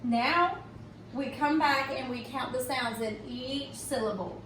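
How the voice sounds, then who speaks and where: A woman's voice: sits high, a bit bright, a little hiss or hum. Patient woman teaching phonics, echoey room. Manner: slow and patient, checks in with "okay?". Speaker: reading teacher. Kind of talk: recorded phonics tutorial. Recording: echoey room, mic at a distance.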